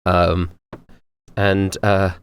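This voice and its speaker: A man's voice: sits low, little pitch movement, extremely slow, clear, resonant tone. A man narrating as game master of a tabletop game, loose and rambling with many fillers.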